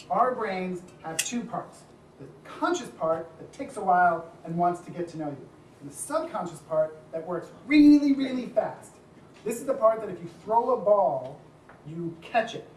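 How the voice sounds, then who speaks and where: A man's voice: sits high, slight background noise. A man giving a casual presentation talk to a live audience at an event, chatty with frequent asides and light laughter. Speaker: speaker at a design community event. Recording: echoey room, distant mic, faint ambience.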